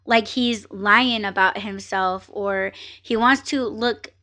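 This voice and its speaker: A woman hosting a podcast, telling a story in a casual, animated and profane way, with many fillers and acted-out exchanges. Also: medium pitch, slow pace. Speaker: podcast host.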